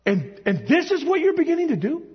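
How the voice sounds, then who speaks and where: A man's voice: very high voice, wildly swooping pitch, fairly quick, soft background music, voice pushed up, full character voice. A man voicing God as a wounded divine father who pleads and asks incredulous questions about being left out, heard in an echoey hall on a dull, lo-fi recording. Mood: hurt, incredulous.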